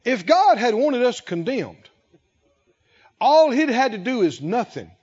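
A male pastor preaching a sermon, speaking slowly and with emphasis, pausing to let the congregation fill in key words. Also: very high-pitched, sing-song, a little mellow, slightly rough. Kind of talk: sermon with call-and-response. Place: church sanctuary. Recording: lo-fi with long hall reverb.

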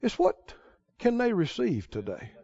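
A male preacher with a very high, lively voice that swings all over the place. He tells his stories in a folksy way and then presses his point hard. The recording is dull and lo-fi. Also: unhurried. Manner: folksy storytelling, rising to emphatic exhortation. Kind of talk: sermon.

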